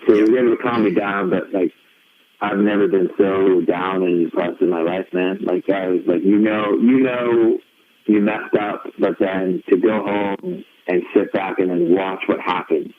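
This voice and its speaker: A man telling a story as a guest in a casual interview, animated and full of fillers, acting out what others said. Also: deep voice, normal speed. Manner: animated, quotes others in acted voices, many fillers. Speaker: guest wrestler. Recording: tinny phone-line sound with faint noise.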